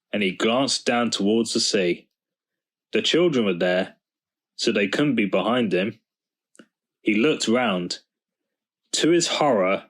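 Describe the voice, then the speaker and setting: A man reading a children's storybook aloud, in slow, measured storytelling. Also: lowish voice. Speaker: storybook reader.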